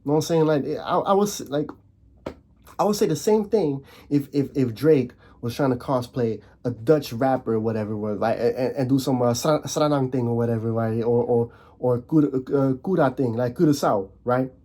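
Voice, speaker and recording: A young man rants casually to the camera on his own channel, fired up, stumbling and repeating words as he keeps restarting. His voice leaps higher on emphatic points, at a moderate pace with a warm tone.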